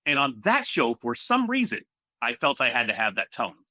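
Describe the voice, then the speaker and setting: A man chatting as a guest on a podcast, telling stories in a relaxed, animated way. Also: medium pitch, normal speed, dry recording. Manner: relaxed storyteller, animated asides. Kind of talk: casual conversational interview.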